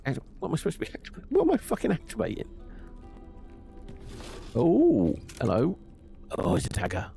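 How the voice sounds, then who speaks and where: A man commenting live on his game, swearing and muttering at it in an exasperated way. His voice is heavily gravelly and dark, and it jumps around in pitch. Faint music sits behind him. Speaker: streamer.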